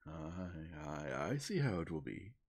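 A man puts on a loud, good-natured old country gentleman in a storybook reading, bluff and booming over a very deep, gravelly voice. He rumbles with a dark, husky warmth beneath the soft-spoken ASMR style. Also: very animated, measured pace, heavily acted. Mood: jovial. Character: hearty jovial older country gentleman.

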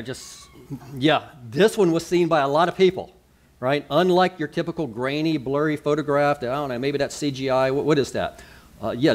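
A man, a pastor giving a sermon in a chatty, conversational way, full of asides and rhetorical questions. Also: medium pitch.

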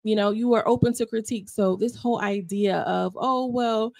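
Chatty woman with a gravelly edge. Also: medium pitch, a little fast, no room sound. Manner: animated, chatty, addresses viewers as y'all. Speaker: commentary vlogger. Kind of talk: casual opinion commentary.

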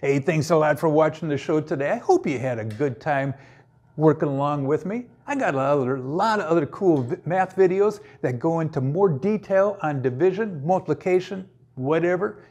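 A man's voice: fairly high pitch, expressive, moderate pace, darkish tone. A man teaching a playful math lesson, cracking jokes and breaking into sing-song bits between steps. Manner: goofy, jokey, sings and puts on silly voices.

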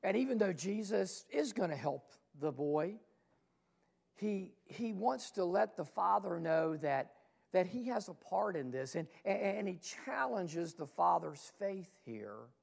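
Gravelly-voiced man preaching a sermon. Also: sits high, animated, unhurried. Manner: dynamic preaching, swelling loud then dropping to hushed asides; rhetorical questions to the congregation. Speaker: pastor. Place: church sanctuary.

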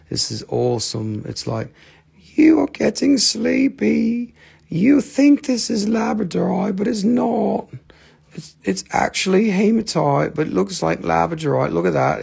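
Gravelly, jokey man hosting a live sale. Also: medium pitch. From North Carolina. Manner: jokey, rambling, self-mocking. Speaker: host of a live crystal sales stream. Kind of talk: casual live sales chat.

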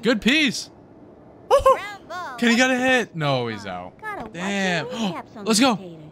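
A young man hosting a gaming video, giving excited let's-play commentary and cheering his team on with slangy outbursts. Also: high voice, slow, background noise. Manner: hyped, yelling at the game, slangy.

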